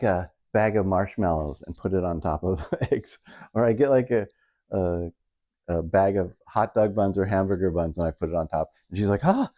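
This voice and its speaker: Low and dark-toned, this middle-aged comedian's voice carries a loose stand-up routine. He rambles, poking fun at himself while retelling the ordinary moments of married life.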